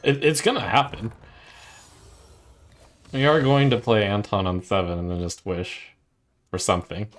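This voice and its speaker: Low-voiced man musing over his plays. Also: fairly even intonation, moderate pace, pauses often. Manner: thinks aloud, weighing plays and second-guessing himself. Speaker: streamer playing a card game. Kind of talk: casual gameplay commentary.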